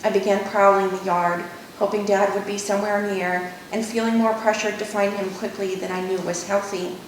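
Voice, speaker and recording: A woman author reading her novel aloud in measured first-person narration. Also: little pitch movement, distant mic. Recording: echoey room, faint rumble.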